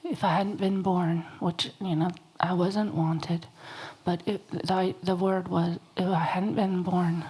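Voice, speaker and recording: A woman asking a teacher a question, tearful and breathy as she shares something personal. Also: fairly low pitch, little pitch movement, takes it slowly, hardly any pauses, warm tone, rough recording. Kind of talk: emotional personal sharing.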